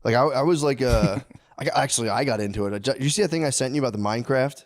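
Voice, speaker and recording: A man's voice: medium pitch, racing, no echo, studio quality. Rambling, profane male podcast host. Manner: loose, rambling, swears a lot and laughs often. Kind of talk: casual podcast banter.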